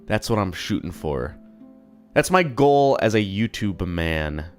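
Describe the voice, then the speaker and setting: A young man streaming from home, chatting casually in a rambling, profane, self-deprecating way, his voice a little low from being slightly sick. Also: sing-song, measured pace, faint music behind. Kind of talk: casual live-stream chat.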